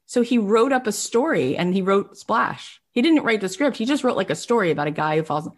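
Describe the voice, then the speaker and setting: A woman podcast host telling a story in a casual, animated way, full of "like" fillers and lively acted-out quotes. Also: medium pitch, brisk, hardly any pauses. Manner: animated, chatty, many "like" fillers.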